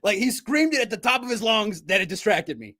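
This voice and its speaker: A man hosting a sports podcast, chatting casually and telling animated stories with frequent laughter. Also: high voice, brisk. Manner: animated storyteller, laughs often, mimics shouting. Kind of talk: casual livestream chat.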